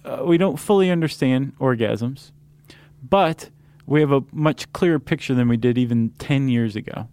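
A man's voice: mid-range voice, moderate pace, darkish tone, smooth, dry recording. Guy cohosting a podcast, goofy rambly chat, mid voice, dry close mic. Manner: loose, joking, many fillers and restarts. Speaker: podcast co-host. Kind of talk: casual chat.

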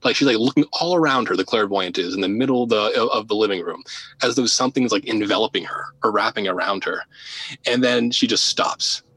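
A man guest on a podcast telling a story in casual, animated talk, often laughing, repeating words and dropping to a hush at tense moments. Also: on the low side, a little fast, husky, dry recording, low-quality recording. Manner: drops to a hushed voice for tense moments. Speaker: podcast guest, paranormal investigator.

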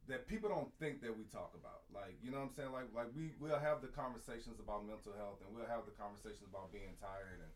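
A man's voice: lowish voice, fast, hardly any pauses, poor audio. A young man, a podcast co-host, telling a heartfelt story in casual, profane chat.

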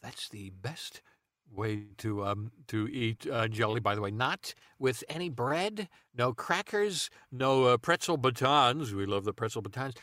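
Deadpan man riffing absurd bits, halting with fillers, dry close mic. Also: mid-range voice, dry recording. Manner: rambling, deadpan, many ums and uhs. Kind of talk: improvised comedy chat.

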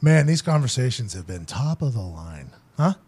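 A man hosting a casual sports podcast, talking in an animated, emphatic way, repeating his points and swearing now and then. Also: medium pitch, normal speed, noisy background. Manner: profane, joking. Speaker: podcast host.

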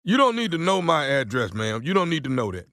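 A man's voice: fairly high pitch, sing-song, fairly quick, bright, forceful tone, dry recording. A man doing a prank call as a stubborn, nosy older neighbor, blunt and insistent, stammering and repeating himself. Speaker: prank caller, radio show regular. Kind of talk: prank phone call role-play.

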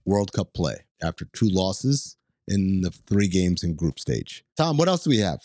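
A young adult man hosting a casual sports talk show, playful and animated. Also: sits low, measured pace, no echo, studio quality. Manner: playful, animated, slips into impressions.

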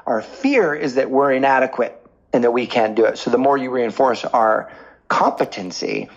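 A man being interviewed as a dating coach, explaining with lively stories and examples. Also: medium pitch, moderate pace, lo-fi sound. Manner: animated storyteller, explains with examples. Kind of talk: podcast interview.

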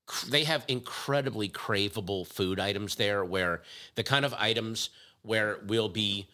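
A man's voice: on the low side, a little slow, sharp tone. A man co-host in casual chat, mostly giving brief replies and teasing his partner playfully.

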